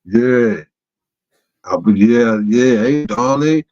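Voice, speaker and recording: Animated storytelling man, lo-fi sound. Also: takes it slowly. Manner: animated, acts out quoted voices with sudden pitch jumps. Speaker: co-host. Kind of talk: casual storytelling chat. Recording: dull lo-fi audio.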